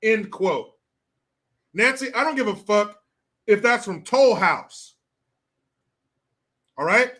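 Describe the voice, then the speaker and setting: A man's voice: high-pitched, expressive, slow, long pauses, sharp tone. A man hosting a political commentary show, ranting in a profane, sarcastic way. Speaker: host.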